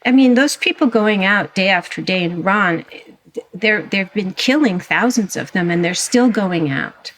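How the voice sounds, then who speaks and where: A woman, a historian and author, speaking as a guest in a conversational interview, animated and emphatic with frequent restarts. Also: mid-range voice, normal speed.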